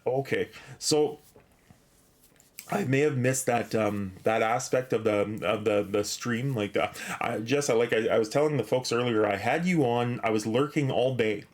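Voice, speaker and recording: A man's voice: mid-range voice, normal speed. Rambling, grateful male game streamer. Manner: rambling, many fillers and restarts, reads chat and quest text aloud. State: a little out of breath. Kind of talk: casual live-stream chat.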